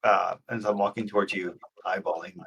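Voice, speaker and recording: A man's voice: sits low, little pitch movement, a little fast, vocal fry, a bit bright, husky. A man playing a tabletop game, talking in a rambling, hesitant way. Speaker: player.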